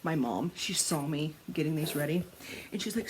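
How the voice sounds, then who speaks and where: Slight background noise accompanies a woman with a low voice speaking at normal speed. As a crafting vlogger talking casually to camera, she spins animated stories, laughing, cursing and acting out what people said.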